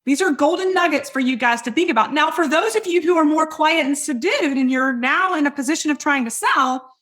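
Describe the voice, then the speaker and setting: A middle-aged woman hosting a podcast, coaching listeners on sales in a loud, hypey, direct way. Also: sits high, a little fast. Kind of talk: energetic teaching monologue.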